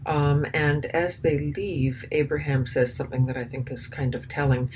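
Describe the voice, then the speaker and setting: Commentator, spoken commentary, hesitant, halting restarts, indignant asides, faint background hiss. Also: mid-range voice, steady tone, darkish tone, low-quality recording. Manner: hesitant, many ums and restarts.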